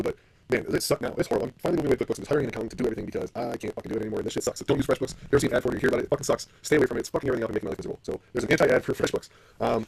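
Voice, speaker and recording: A man's voice: medium pitch, vocal fry, a little mellow, breathy edge. A middle-aged man hosting a casual solo podcast, blunt and profane as he rants about business. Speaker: podcast host.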